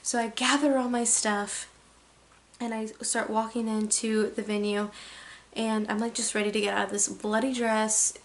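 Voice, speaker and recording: A young woman with a slightly high voice recounts a story for her vlog. She talks casually and animatedly, peppering every sentence with "like" and leaning into the drama. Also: little pitch movement, moderate pace. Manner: chatty, heavy use of "like". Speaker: vlogger.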